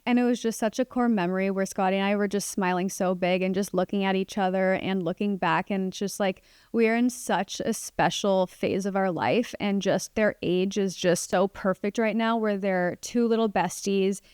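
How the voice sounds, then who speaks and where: A woman's voice: medium pitch, steady tone, moderate pace, few pauses, clean tone, dry recording, studio quality. A young woman hosting a casual solo podcast, chatting about family life with lots of "like" fillers. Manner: chatty, warm, many "like" fillers. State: pregnant. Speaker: podcast host.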